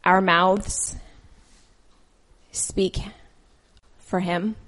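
A woman's voice: lowish voice, flat delivery, extremely slow, fairly bright tone. Earnest woman preaching a sermon. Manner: earnest, conversational preaching with personal stories. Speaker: lay preacher. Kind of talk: scripture reading and sermon.

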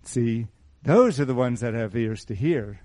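A middle-aged man preaching a sermon in a small church, asking the congregation rhetorical questions in an animated way. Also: mid-range voice, unhurried. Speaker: pastor.

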